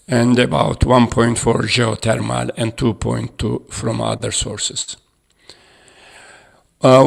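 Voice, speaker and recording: A man giving an academic conference presentation, halting and hesitant as he reads out figures from his slides. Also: medium pitch, vocal fry. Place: conference room.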